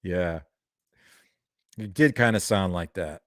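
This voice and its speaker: Low-voiced man ranting angrily. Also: slow, a bit bright, no room sound, studio quality. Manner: heated, profane, ranting. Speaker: reaction video creator. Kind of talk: angry reaction commentary.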